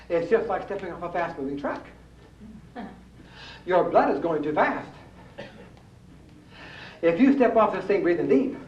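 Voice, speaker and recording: A man with a high-pitched, slightly mellow voice teaches a rebounding exercise class to a live audience, folksy and coaxing, often asking the crowd true or false. It's a live fitness demonstration caught in a distant, echoey, dull old room recording with slight background noise.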